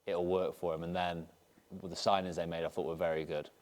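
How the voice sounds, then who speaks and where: A man's voice: deep voice, flat delivery, fairly quick, crowd noise. A man co-hosting a football podcast, giving earnest, analytical takes in casual chat.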